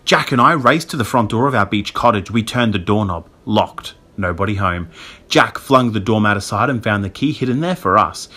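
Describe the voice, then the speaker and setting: A man reading a spooky children's audiobook in a lively storytelling manner. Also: on the low side, moderate pace. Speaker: audiobook reader. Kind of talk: scripted narration.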